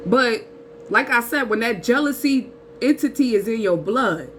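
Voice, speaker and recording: A woman, giving a casual spiritual talk in an animated, preachy way with slang and rhetorical asides. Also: a little high, normal speed, a little hiss or hum, rough recording. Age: 30s. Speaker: spiritual channel host.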